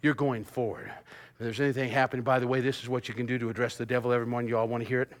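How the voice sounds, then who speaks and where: Pastor in his fifties, male, preaching with playful swings from loud laughter to near-whisper. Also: mid-range voice, rapid-fire, slight background noise. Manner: animated preacher, bursts into sung snippets and laughter, drops to hushed tones. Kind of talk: sermon.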